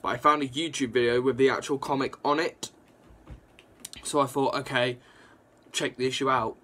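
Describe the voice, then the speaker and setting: A young man casually reviewing a comic book, rambling and excitable, with lots of fillers and restarts. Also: mid-range voice, normal speed. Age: young adult.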